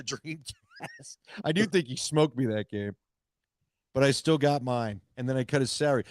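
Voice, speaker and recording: A man's voice: fairly high pitch, no echo, studio quality. A man co-hosting a casual sports talk show, teasing his partner and telling jokey stories. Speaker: co-host. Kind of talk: casual chat.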